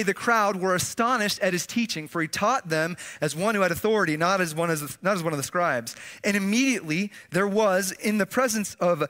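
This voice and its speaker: A male pastor preaching with a high, lively pitch. His voice is bright and forward, and he talks to the congregation conversationally, sinking low and soft to stress key phrases. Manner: conversational preaching with audience call-and-response. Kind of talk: sermon.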